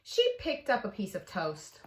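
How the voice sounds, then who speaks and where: A woman narrating a children's storybook aloud with expressive reading. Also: medium pitch, unhurried. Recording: echoey room.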